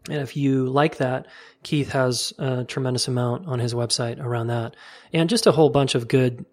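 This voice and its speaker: A man's voice: mid-range voice, fairly even intonation, normal speed, a little mellow. A man hosting a relationship podcast, talking casually and enthusiastically, affirming his guest. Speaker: podcast host. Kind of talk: interview and wrap-up narration.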